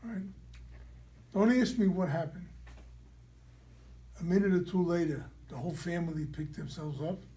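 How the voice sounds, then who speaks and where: A man, a rabbi, teaching a class through an animated personal story and checking in with his listeners. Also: fairly high pitch, moderate pace, long pauses. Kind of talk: storytelling lecture.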